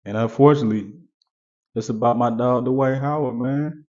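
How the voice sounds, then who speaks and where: A man's voice: mid-range voice, normal speed, a little mellow. Male vlogger, casual direct-to-viewer commentary, dull lo-fi recording. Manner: conversational, repeats points, talks straight to viewers.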